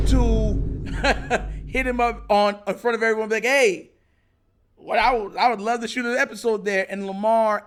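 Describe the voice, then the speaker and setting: A man hosting his own podcast, telling a story casually and acting out excited moments. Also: high voice, smooth. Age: adult. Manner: animated, retells others' lines with raised excited voice. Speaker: podcast host.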